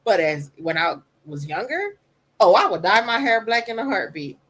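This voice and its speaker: Soft-voiced woman talking candidly. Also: mid-range voice, sing-song, normal speed, slightly rough, low-quality recording. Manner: candid and personal, acts out quoted voices. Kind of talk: casual podcast conversation.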